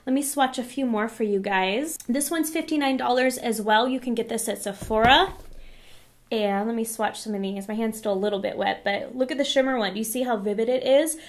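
A woman beauty vlogger chatting through a product review in a hoarse voice, enthusiastic and chatty. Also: on the high side, brisk. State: hoarse, losing her voice.

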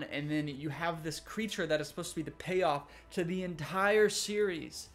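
A young man giving a rambling, exasperated casual review of an animated series, full of fillers. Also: fairly high pitch, moderate pace, hardly any pauses. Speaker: YouTube reviewer.

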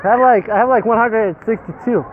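A young man with a very high, light voice chats excitedly while filming fireworks outdoors. He laughs a lot and cheers at the bangs. The sound is thin and phone-like, with loud crackling fireworks behind him. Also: fairly quick. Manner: excitable, laughs often, whoops at bursts. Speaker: YouTuber filming a fireworks show. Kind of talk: casual handheld commentary. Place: outdoors at a street fireworks show. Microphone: handheld phone camera. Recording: tinny phone audio with loud firework noise.

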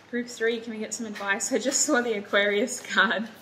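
A woman giving a pick-a-card tarot reading, warm and reassuring, close to tears at times. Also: on the high side, steady tone, moderate pace, slight background noise, poor audio. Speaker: tarot reader.

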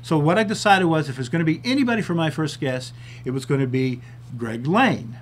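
A man's voice: fairly high pitch, lively intonation, fairly quick, a little hiss or hum. A man hosting his own TV talk show, chatting casually and a bit self-deprecatingly, sometimes out of breath. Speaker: TV show host.

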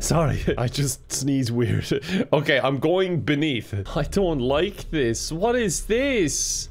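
A man's voice: mid-range voice, sing-song, normal speed. Joking Irish man playing a game. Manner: sarcastic, jokey, laughs a lot. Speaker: gaming YouTuber. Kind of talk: game commentary.

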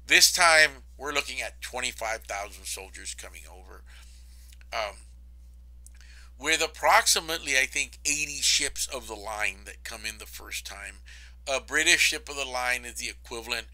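A male college history lecturer, telling the story casually and often checking in with "okay?", dropping into low mumbles when he voices historical figures. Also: poor audio. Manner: casual, animated storytelling with frequent "okay?" and "I mean".

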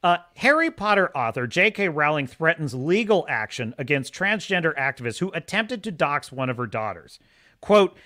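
Lively, bright-voiced male stream host. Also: on the high side, normal speed. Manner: opinionated, emphatic, repeats himself. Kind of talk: casual livestream commentary.

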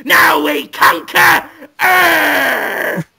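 A gloating ancient wizard villain, put on by a man in a comic podcast bit, bellowing his lines. The voice is pushed very high and gravelly, with a bright, cutting edge. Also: lively intonation, extremely slow, heavily acted. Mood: triumphant. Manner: bellowing, triumphant shouting.

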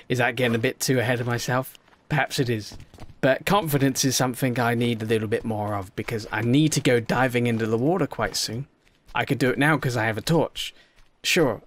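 A man doing let's-play commentary, chatty and jokey, talking to in-game creatures and swinging between quiet worry and loud excitement. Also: medium pitch.

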